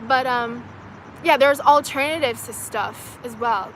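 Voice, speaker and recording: A woman's voice: fairly high pitch, measured pace, fairly bright tone, a little hiss or hum. Chatty young woman on an outdoor livestream. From China. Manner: chatty, fills with "like" and "you know", laughs often. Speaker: livestream host answering viewer comments. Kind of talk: casual chat.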